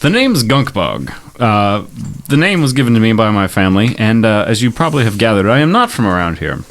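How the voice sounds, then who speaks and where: A man's voice: lowish voice, very animated, brisk, fairly bright tone. A man voicing a strange, formal adventurer who speaks in stilted, hesitant, overly polite phrasing. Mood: stiff polite. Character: odd formal creature adventurer, polite and wordy.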